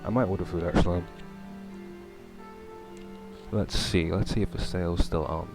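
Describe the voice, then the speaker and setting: A man's voice: low voice, steady tone, fast, creaky. A young man casually commenting on a horror visual novel and reading it aloud, rambling with many fillers. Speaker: streamer. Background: game music.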